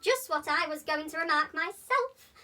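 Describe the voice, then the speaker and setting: A woman voicing a sleepy, grumpy little male dormouse, slow and drowsy. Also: extremely high pitch, lively intonation, sharp tone, distant mic, voice pushed up, heavily acted.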